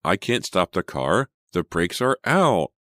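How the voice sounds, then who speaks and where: A man voicing an excitable, suspicious teenage girl in an audiobook, in a raised, emphatic voice. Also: sits low, moderate pace, dry recording, clean studio sound. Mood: panicked.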